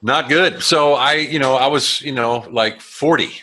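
Here the man's voice is mid-range and unhurried with a sharp tone, and the recording carries a little hiss or hum. He's in his forties, a guest relating his life story through blunt, casual, meandering talk packed with swearing, fillers, restarts and acted-out quotes.

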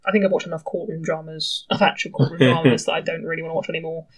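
A woman's voice: low-pitched, rapid-fire. A woman co-hosting a podcast, chatting casually, laughing often and acting out lines in put-on voices. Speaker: podcast co-host. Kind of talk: casual chat retelling an episode.

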